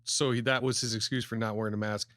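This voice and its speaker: A man co-hosting a casual podcast chat about sales, telling lively stories and laughing often. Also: on the low side, quick pace, no echo, clean studio sound. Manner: lively storyteller, laughs often, acts out customers. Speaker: sales coach, podcast co-host.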